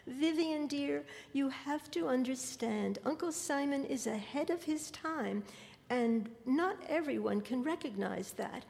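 A woman's voice: high voice, lively intonation, measured pace, creaky, voice pushed up, full character voice. A woman reading the lines of a patient mother reassuring her child in a literary story. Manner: gentle, reassuring. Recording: long hall reverb.

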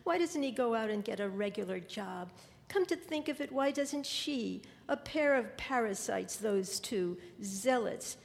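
A woman's voice: on the high side, lively intonation, a little slow, vocal fry. A woman reading the lines of a scornful, scolding father in a literary story. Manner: mocking, scolding. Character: scornful middle-aged father, grumbling at money. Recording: long hall reverb.

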